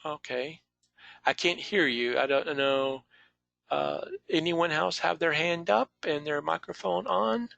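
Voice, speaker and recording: A man's voice: a little high, measured pace, creaky, sharp tone, no room sound. A man teaching an online class over a video call, patiently calling on students by name.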